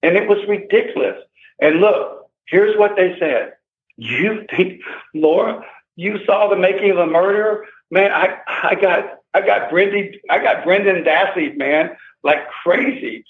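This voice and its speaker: Older man, fairly high voice, emphatic and agitated, phone-line sound. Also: unhurried. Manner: emphatic, agitated, repeats himself. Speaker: interview guest. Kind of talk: emotional first-person account. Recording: tinny phone line with echo.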